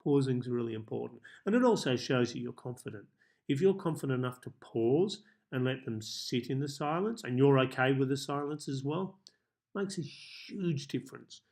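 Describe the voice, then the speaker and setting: A man coaching viewers in a self-help tips monologue, speaking calmly and measuredly with deliberate pauses. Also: mid-range voice, gravelly. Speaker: life coach.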